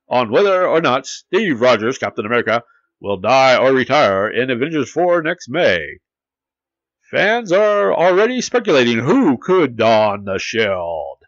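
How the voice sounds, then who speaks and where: A booming 1940s newsreel announcer, as a man puts him on hams up every headline with grand, punchy flourishes and lively pitch swings. The voice sits close and dry, on a slightly dull, lo-fi recording. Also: measured pace, no room sound. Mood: grandiose. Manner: booming, overdone announcer delivery.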